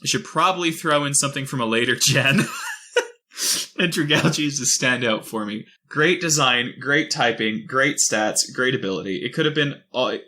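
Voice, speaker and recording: A man's voice: medium pitch, moderate pace, bright, forceful tone. A man co-hosting a casual podcast, reading a listener email aloud with dry asides and the odd chuckle.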